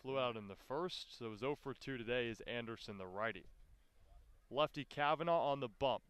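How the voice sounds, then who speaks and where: A man calling live baseball play-by-play, with his voice climbing sharply in pitch and volume on big plays. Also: fairly quick, fairly bright tone, clean tone, no echo. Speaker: play-by-play announcer.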